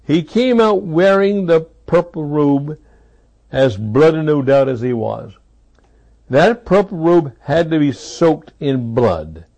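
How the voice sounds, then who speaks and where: A man's voice: a little high, animated, slow, creaky, darkish tone. A man preaching a sermon, with dramatic delivery and heavy repetition for emphasis.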